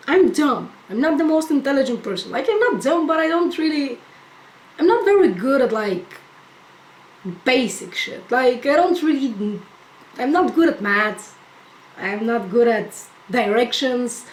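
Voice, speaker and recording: A young woman telling a storytime vlog as a profane, exasperated rant. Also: high voice. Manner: profane, exasperated, animated ranting. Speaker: vlogger. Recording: echoey room.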